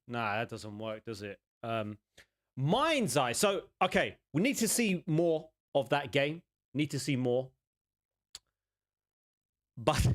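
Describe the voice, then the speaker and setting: Reacting to game trailers for his gaming channel, this young man speaks with a fairly high pitch. He's casual and excited, rambling and cracking jokes as he goes.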